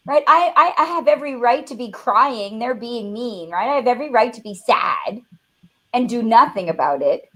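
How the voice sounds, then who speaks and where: High-voiced woman telling stories. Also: measured pace. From Canada. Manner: animated, acts out voices in her stories. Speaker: motivational speaker. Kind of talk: storytelling in a webinar conversation.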